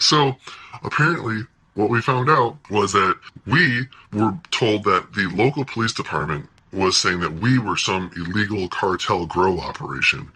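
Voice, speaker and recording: A man telling a personal story in a casual, animated way, swearing often and laughing between lines. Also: deep voice, slightly rough, low-quality recording.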